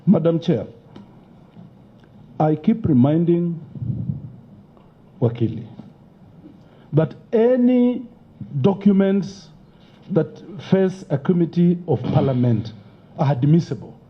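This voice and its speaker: A man's voice: a little high, very animated, slow pace, pauses often, lo-fi sound. A Kenyan man and member of parliament testifying at a committee hearing, arguing insistently and emotionally, often cutting in. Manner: interrupts, argues insistently, emotional. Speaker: member of parliament moving an impeachment.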